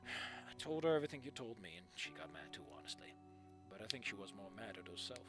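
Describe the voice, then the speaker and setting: A man voicing a soft-spoken, weary father in a fan fiction read-aloud, with a low, hushed and reflective way of telling things. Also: big pitch swings, fast, over music. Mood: somber.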